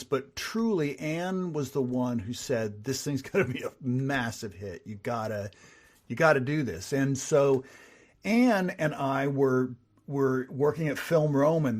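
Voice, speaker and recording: A middle-aged man, a writer and producer, telling stories as a podcast guest and acting out the dialogue he quotes. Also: mid-range voice. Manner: animated storyteller who acts out quoted dialogue. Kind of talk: casual interview storytelling.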